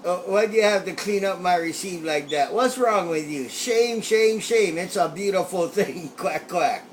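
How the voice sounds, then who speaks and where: Playful high-voiced man on CB radio. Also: normal speed. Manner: playful, signs off with a quacking catchphrase. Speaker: CB radio operator. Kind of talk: casual CB radio chatter. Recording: CB radio with light static.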